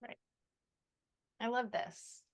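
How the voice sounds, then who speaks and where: A woman podcast co-host in casual chat, summing up emphatically with short punchy remarks. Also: extremely slow.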